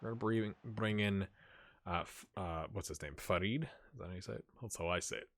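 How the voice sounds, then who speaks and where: With a fairly low, brisk voice, this man runs a gaming channel and narrates a football management game in a loose, slangy, joking let's-play style. He gets excitable, talks to the players in the game, shouts loudly at goals and sometimes trails off into mumbles.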